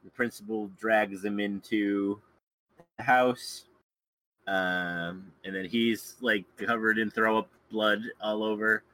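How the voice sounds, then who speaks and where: Low-voiced man chuckling through a retelling. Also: fairly even intonation, takes it slowly, a bit bright, no echo, poor audio. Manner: chuckles often while recounting scenes. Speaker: podcast guest. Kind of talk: casual chat, retelling a film plot.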